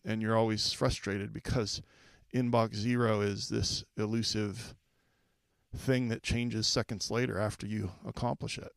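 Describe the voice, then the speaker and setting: A man's voice: medium pitch, vocal fry, dry recording. A man hosting a solo podcast for school leaders, talking conversationally and putting direct questions to the listener.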